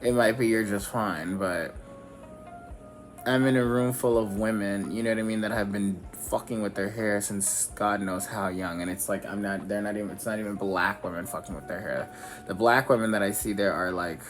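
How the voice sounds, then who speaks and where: A makeup vlogger chats candidly while doing a makeup tutorial, rambling and swearing freely over background music. His voice is fairly low with a steady tone and a moderate pace.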